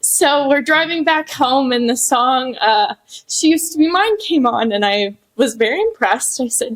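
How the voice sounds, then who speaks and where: At a hotel ballroom event, a young adult woman with a fairly high voice delivers a personal tribute at a memorial honoring her father. She laughs softly through her emotion and often pauses on fillers.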